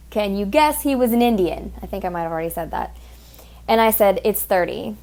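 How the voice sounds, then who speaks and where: A woman's voice: mid-range voice, moderate pace, darkish tone. Blunt, profane woman telling a story. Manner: blunt and profane, heated, mimics others. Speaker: podcast host. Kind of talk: casual storytelling monologue.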